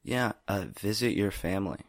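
A man's voice: on the low side, moderate pace, no room sound, studio quality. A young man co-hosting a podcast, rambling in a laid-back casual chat with lots of fillers. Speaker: podcast co-host.

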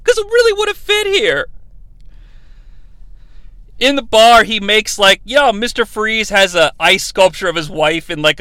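A man's voice: on the high side, pushed and bright, no room sound. A man recapping a movie in a sarcastic comic style, acting out the characters' lines as he goes. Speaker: comedy podcast host.

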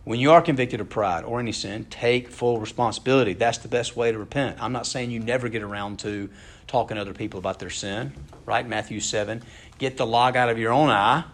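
A man's voice: medium pitch, steady tone, brisk. A man preaching a conversational, earnest sermon, asking his listeners questions as he goes. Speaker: pastor.

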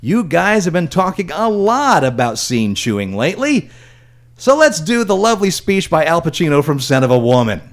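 Brief: man hosting a podcast, slightly high voice, lively pitch, playful. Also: normal speed. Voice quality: playful, announcer-like segment reads. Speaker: podcast host.

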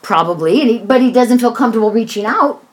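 A woman's voice: on the high side, lively intonation, fast. A middle-aged woman and mother, talking about her son in a heated, emotional conversation and swearing freely. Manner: heated, swears freely, acts out others' voices.

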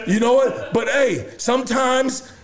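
A man's voice: very high voice, measured pace. A man hosting a podcast, talking in slangy casual chat full of "dog" and "you know what I mean". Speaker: podcast host.

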